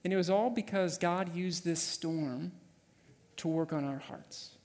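A man preaching a sermon, telling a personal story with lively acted-out quotes. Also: sits high, a little slow, big-room sound. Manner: animated storyteller, acts out quoted voices. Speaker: pastor. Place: church sanctuary.

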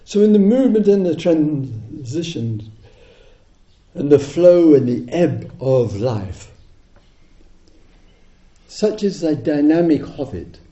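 A middle-aged man giving a dharma talk, his very dark, mellow voice swinging widely in pitch as he tells stories and chuckles often. He sounds like a meditation teacher addressing a retreat. The recording is roomy and a little dull. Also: slow pace, long pauses. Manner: animated storytelling, chuckles often. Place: retreat hall.

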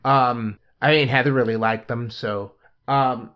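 A man's voice: medium pitch, steady tone, a little slow. A man hosting a casual podcast chat, telling stories and prompting his co-hosts. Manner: chatty, storytelling, prompts the others. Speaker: podcast host. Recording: muffled lo-fi audio.

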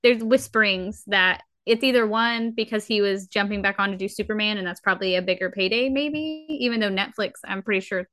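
Bright-voiced young woman chatting. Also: mid-range voice, brisk, hardly any pauses. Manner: animated, opinionated, quotes herself in lively bits. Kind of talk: casual chat.

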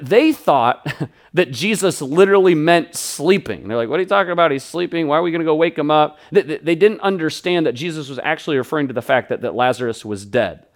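Animated man preaching a sermon. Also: medium pitch. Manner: animated, repeats words in quick restarts; acts out the people in the story. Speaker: pastor.

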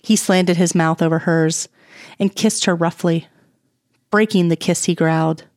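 Woman narrator, low-ish voice, soft and intimate read, dry close sound. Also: steady tone, unhurried, dry recording. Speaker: audiobook reader. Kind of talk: reading romance fan fiction aloud.

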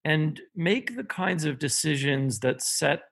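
A Canadian man with a Canadian accent, a podcast guest speaking in a measured, thoughtful way with frequent fillers. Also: on the high side, expressive, creaky, a bit bright, breathy edge. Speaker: podcast guest, company CEO. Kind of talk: podcast interview.

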